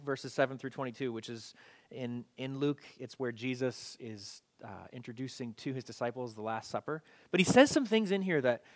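A man preaching an online church sermon in a relaxed, conversational way, with frequent fillers and restarts. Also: medium pitch. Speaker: pastor. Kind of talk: casual online sermon and prayer.

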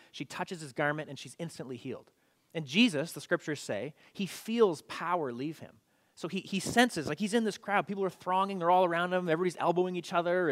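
Conversational male preacher. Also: mid-range voice. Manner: conversational, animated storytelling with repeats. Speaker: pastor. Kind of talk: sermon.

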